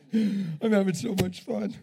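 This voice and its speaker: A man preaching a sermon in an animated way, laughing often and swinging between loud, drawn-out lines and hushed ones. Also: high-pitched, gravelly, a little hiss or hum.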